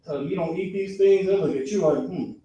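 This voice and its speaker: A man teaching a religious class in a classroom, animated and acting out people's reactions with mock voices. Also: high voice, quick pace, lo-fi sound. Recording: echoey room, far from the mic.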